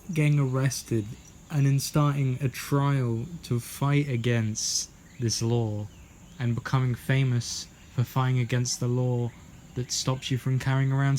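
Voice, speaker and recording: A young British man talks aimlessly in a garden, jumping from topic to topic with plenty of swearing and jokes. His voice sits at an ordinary middle pitch. Faint crickets chirp in the background. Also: darkish tone, slight background noise. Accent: British English. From Britain. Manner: meandering, jokey, swears a lot, acts out silly voices. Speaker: vlogger. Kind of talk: rambling casual monologue. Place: outdoors in a garden.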